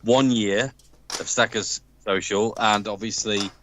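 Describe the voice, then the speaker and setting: A man's voice: fairly low pitch, steady tone, measured pace, fairly bright tone, slight background noise, low-quality recording. An Englishman co-hosting a livestream in casual chat, enthusiastically describing things in lavish terms. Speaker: livestream co-host.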